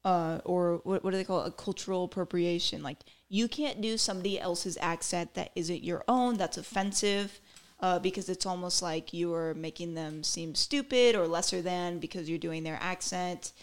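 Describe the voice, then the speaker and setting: A woman's voice: on the low side, normal speed. A woman podcast host breaking down a comedy routine in casual, opinionated commentary that turns into rants, with lots of "like" and "um.". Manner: opinionated, ranting, filler-heavy.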